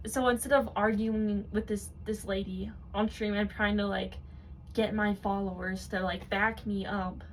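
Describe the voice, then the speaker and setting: A woman's voice: medium pitch, flat delivery, measured pace, a little hiss or hum. Sarcastic woman ranting on camera. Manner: mocking, exasperated rant. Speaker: commentary video host. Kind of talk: sarcastic commentary.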